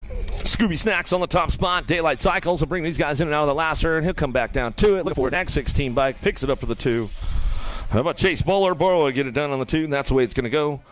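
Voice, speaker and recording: A man announcing live BMX races, rattling off rider names and calling the action in quick bursts, with joking banter aimed at the riders. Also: a little high, a little hiss or hum. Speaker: race announcer. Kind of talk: live BMX race commentary.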